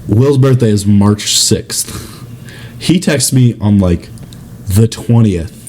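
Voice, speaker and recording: A man in his twenties co-hosting a podcast, telling profane, animated stories in casual chat. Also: slow pace, background noise. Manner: profane, animated storyteller who acts out others in a high voice. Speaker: podcast co-host.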